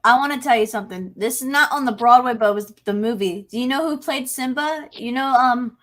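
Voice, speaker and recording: A woman's voice: a little high, brisk, a bit bright. A woman with a South Jersey accent in a casual podcast chat, joking and chiming in with facts.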